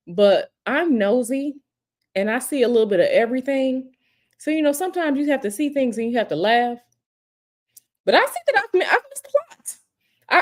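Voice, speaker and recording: Woman livestream host at home, slightly high voice, casual and teasing, hints at gossip. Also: darkish tone. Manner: chatty and teasing, hints at gossip, repeats herself. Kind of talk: casual live chat reading viewer comments.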